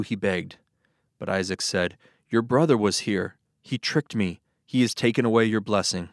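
A man reading Bible passages aloud as scripted narration, with a steady, even storytelling delivery. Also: lowish voice, moderate pace, no echo, studio quality. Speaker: Bible reader.

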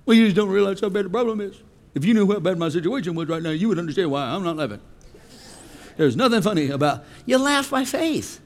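A man preaching a comedic sermon to a live congregation, often shouting and mock-singing. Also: high voice, fast talker. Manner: animated, shouting, mock-singing and laughing between lines. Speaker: pastor. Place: church hall with a live congregation.

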